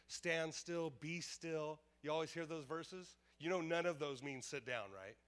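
Male pastor, sermon delivery; slightly high voice, emphatic, repetitive, call-and-response with the room. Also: measured pace, fairly bright tone. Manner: emphatic, repetitive, calls out to the congregation. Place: church service.

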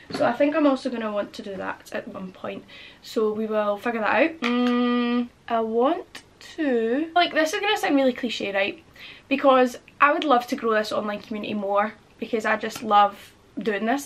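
A twenty-one-year-old woman rambles through a casual, chatty vlog, packing her speech with filler words, especially "like." Her voice is a little high and a bit bright.

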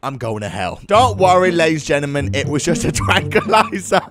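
A young man commentating a video game in a jokey, excitable way, swinging between shouts and mutters. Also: on the high side, fairly quick. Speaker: gaming YouTuber. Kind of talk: let's play commentary. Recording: game music playing behind. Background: game music.

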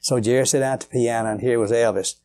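A medium-pitched, dark-toned male voice moves along quickly and steadily. He is an older guitarist guest in an interview, rambling through folksy stories with plenty of fillers.

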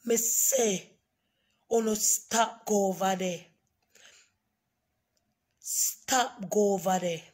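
Hoarse, slow-talking woman ranting. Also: medium pitch, darkish tone. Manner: scolding, repetitive, emphatic. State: hoarse, voice nearly gone. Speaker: online commentator. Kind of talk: ranting vlog commentary.

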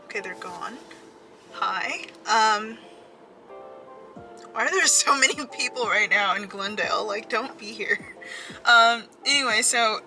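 A woman's voice: fairly high pitch, a little slow, pauses often, bright, forceful tone, soft background music, low-quality recording. A young woman vlogging casually from inside her parked car, chatty and giggly, talking to a dashboard camera. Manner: chatty, giggly, lots of filler "like". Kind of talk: casual vlog chat.

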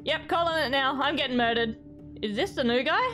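A woman's voice: high-pitched, a little fast, a bit bright, soft background music. A young woman giving playful let's play commentary, chatting to the game's characters as she goes. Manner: playful, talks to game characters. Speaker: gaming YouTuber.

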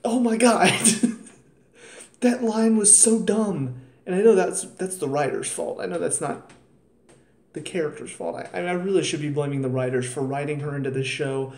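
A TV show reviewer with a warm, fairly high voice speaks at normal speed in a casual episode review. Exasperated and tired, he rants and adds sarcastic asides, captured with roomy echo and faint ambience.

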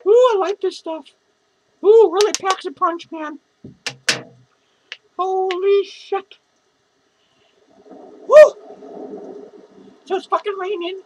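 A man's voice: very high-pitched, noisy background. A man playing a drunk, foul-mouthed lonely clown who rambles, slurs and giggles through a comedy monologue. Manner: slurred, rambling, swearing constantly, giggling. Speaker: comedy character performer.

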